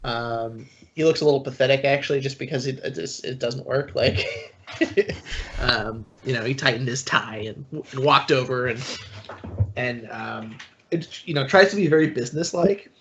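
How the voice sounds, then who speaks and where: A man playing a tabletop game who describes his character's actions in a halting way, full of fillers. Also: medium pitch, a bit bright, slight background noise. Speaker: player.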